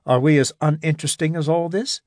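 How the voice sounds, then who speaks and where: A man's voice: on the high side, a little fast, darkish tone, no echo, pitched above the performer's own voice, close to an everyday voice. A man reading the part of an eager, curious explorer who keeps asking questions, with dry, close sound. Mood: disappointed.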